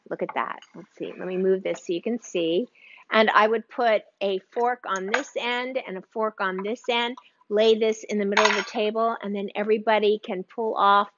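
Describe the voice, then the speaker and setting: A woman hosting a live home cooking stream, gushing over the food and talking straight to her viewers. Her voice sits at an ordinary pitch. The sound is a little dull and lo-fi, like a livestream from a kitchen. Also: a bit bright. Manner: gushing, enthusiastic, chatty with viewers. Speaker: cooking show host.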